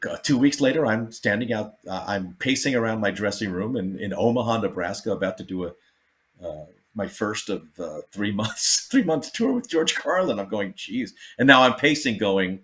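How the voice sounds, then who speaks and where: A male comedian with a low, bright voice tells road stories in a very lively sing-song. He acts out the quotes with gusto and laughs often. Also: normal speed. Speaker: comedian guest. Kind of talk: casual storytelling.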